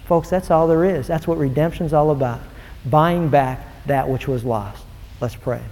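A man's voice: a little high, normal speed, a little mellow. A man preaching a fervent, emphatic sermon, acting out quoted dialogue as he goes. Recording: long hall reverb.

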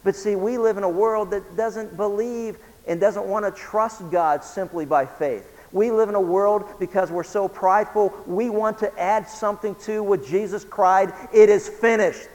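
A man preaching a sermon as pastor, swinging between loud emphasis and hushed lines and asking his listeners questions. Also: sits high, moderate pace, hardly any pauses, in a large hall, low-quality recording. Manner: asks listeners questions, chuckles now and then.

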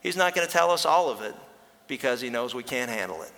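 A man preaching a sermon as a pastor, earnest and pausing to slow down for emphasis, sometimes telling a story with lively voices. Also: mid-range voice. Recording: long hall reverb.

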